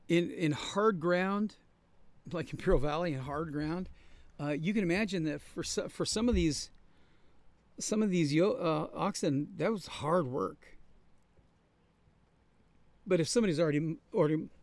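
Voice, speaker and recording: A man with a fairly high voice preaches to his congregation. He talks in an earnest, conversational way and leans on repetition to make his points land. His tone stays steady and plain throughout the sermon. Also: no room sound. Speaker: pastor. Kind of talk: sermon-style Bible study. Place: traveling, on the road.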